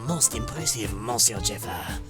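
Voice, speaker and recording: A woman voicing a flamboyant, theatrical French TV interviewer with a put-on French accent and drawn-out, sing-song exclamations. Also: very deep voice, expressive. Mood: gushing. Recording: clear music playing behind. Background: music.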